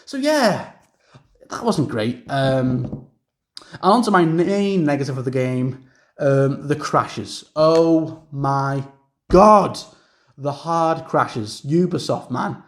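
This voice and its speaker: A man's voice: medium pitch, lively intonation, slow. A young man rambling through a casual video game review rant, repeating himself and using lots of fillers.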